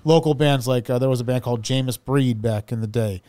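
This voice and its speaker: A man being interviewed as a guitarist, talking in a relaxed, easygoing way. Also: medium pitch, fairly quick, no echo. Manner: relaxed, easygoing, with light swearing. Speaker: guest guitarist. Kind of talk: casual interview chat.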